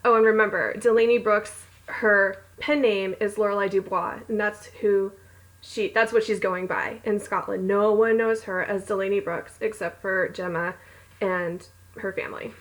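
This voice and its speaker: A woman's voice: mid-range voice, steady tone, moderate pace, poor audio. A woman reading her own romance novel aloud at home, breaking off for giggly, rambling, self-mocking asides. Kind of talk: casual read-along with chatty asides.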